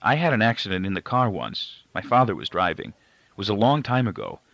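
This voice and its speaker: A man's voice: on the low side, very animated, a little fast, fairly bright tone, dry recording. A man voicing an eager, polite blind young boy. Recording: dull, dry lo-fi recording.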